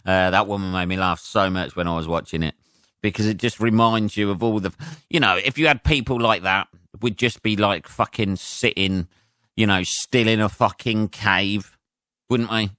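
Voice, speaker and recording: A man hosting a solo podcast as a comedian, rambling and excitable with plenty of swearing. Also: lowish voice, normal speed, clean tone, no room sound, studio quality. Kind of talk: casual solo podcast rant.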